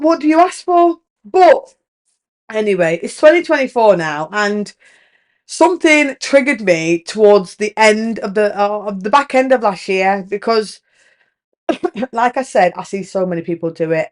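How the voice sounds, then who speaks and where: Frank, animated British woman, pitched a bit high. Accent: British English. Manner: frank, animated, swears freely, acts out quotes. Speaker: podcast host. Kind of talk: casual chat.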